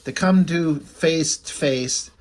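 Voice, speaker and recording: A man's voice: fairly high pitch, takes it slowly, a little mellow. A man giving casual, rambling, joking commentary as he reviews a comic book. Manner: rambling, joking, often breaks into laughter.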